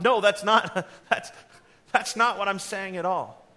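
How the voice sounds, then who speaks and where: Bright-voiced pastor preaching earnestly. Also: male voice, high-pitched, measured pace. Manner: earnest, direct, with offhand asides. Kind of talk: sermon.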